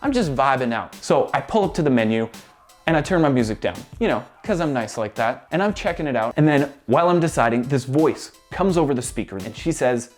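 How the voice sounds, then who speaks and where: Animated man telling a comic story. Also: mid-range voice, fairly quick, soft background music. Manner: animated, sarcastic, exasperated rants. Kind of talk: comedic storytelling monologue.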